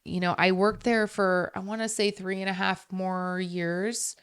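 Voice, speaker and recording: A woman's voice: medium pitch, flat delivery, a little slow, clean tone. A young woman, a podcast guest, chatting casually about her life with lots of "like" and "um". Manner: chatty, uses many fillers like "like" and "um". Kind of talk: casual storytelling. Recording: podcast studio.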